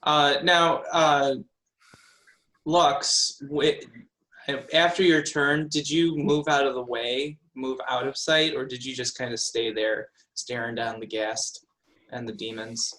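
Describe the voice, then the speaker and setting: Male game master, slow deliberate delivery, bright tone, lots of "uh" and "um". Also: mid-range voice, flat delivery, rough recording. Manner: unhurried, filler-heavy narration. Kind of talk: narrating a tabletop game.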